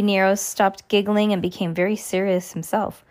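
A woman reads a children's story aloud, narrating in an even, ordinary voice. She handles every part herself and slips into high giggles for the characters. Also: normal speed, few pauses. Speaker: reader. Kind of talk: audiobook reading.

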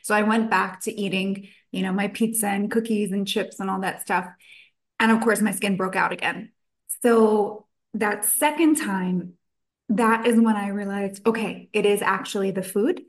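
A woman's voice: mid-range voice, steady tone, normal speed. Chatty woman nutritionist telling her story. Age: adult, past college. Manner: chatty storytelling with quoted asides. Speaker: nutritionist guest. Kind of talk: podcast interview.

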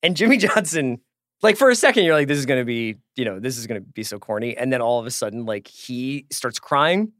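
A man's voice: mid-range voice, lively intonation, fairly quick, a bit bright, dry recording, clean studio sound. A man co-hosting a podcast, chatting casually and telling sports stories with lots of filler words. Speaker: podcast co-host. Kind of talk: casual chat.

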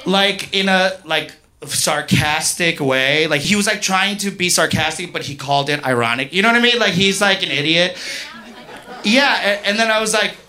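A young man telling a profane, animated stand-up story full of "like", on a comedy club stage. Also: sits high, normal speed, some chatter behind.

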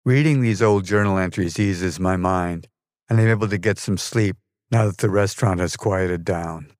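A man's voice: low voice, moderate pace, no echo. A man narrating a scripted personal memoir in a dry, wry storytelling manner. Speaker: podcast narrator.

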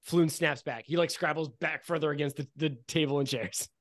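A man narrates as game master, his voice sitting a little high for a man. He talks loosely and casually, full of "like" and "um". The sound is dry and close, with no room around it. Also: fairly even intonation, brisk, dry recording. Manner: casual, laid-back descriptions with many fillers.

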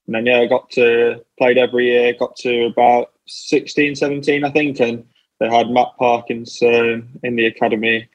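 A young man speaks as a guest on an interview podcast. His delivery is plain and halting, and he returns to the same stock phrases. His voice stays flat with little melody. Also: mid-range voice, lo-fi sound. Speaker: guest cricketer. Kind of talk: interview answers.

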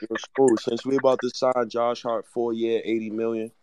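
A man in a heated sports chat, excitable and teasing. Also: medium pitch, noisy background. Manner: excitable, teasing, quick bursts.

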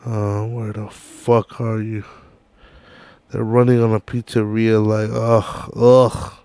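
A man's voice: lowish voice, flat delivery, slow, mellow, smooth, no echo. A young man hosting a podcast, ranting casually and profanely while hunting for a video on his phone. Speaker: podcast host.

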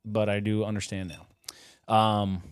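A man's voice: lowish voice, little pitch movement, measured pace, clean tone. A man co-hosting a casual podcast, rambling, swearing freely and losing his train of thought. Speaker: podcast co-host. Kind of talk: casual chat.

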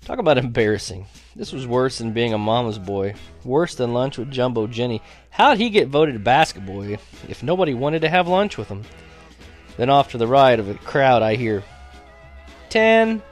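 Man, audiobook narration, sarcastic, chuckling, middle pitch, faint background music. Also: very animated, moderate pace. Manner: wry, sarcastic, laughs between lines. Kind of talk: audiobook narration of a teen story.

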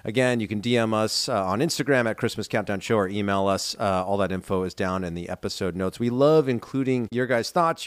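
A man co-hosting a podcast in casual chat, playful and quick to laugh. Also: fairly low pitch, dry recording, studio quality. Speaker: podcast co-host.

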